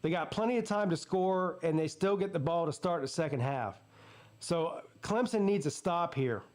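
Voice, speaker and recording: Male host with a Southern accent, high voice, live game reaction, excitable play-by-play. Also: normal speed. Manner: excitable play-by-play, jumps up in pitch on big plays. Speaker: sports streamer host. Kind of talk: live watch-party commentary.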